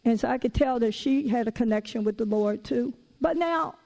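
A woman preaching a sermon, telling personal stories in a lively, conversational and casual way. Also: on the high side, normal speed, creaky, rough recording. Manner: casual everyday phrasing.

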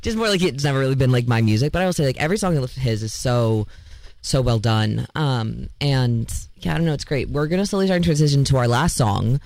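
A man's voice: medium pitch, lively intonation, brisk, vocal fry, darkish tone, no room sound. Laid-back young guy hosting a radio show, introducing songs. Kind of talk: casual radio chat. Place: radio studio.

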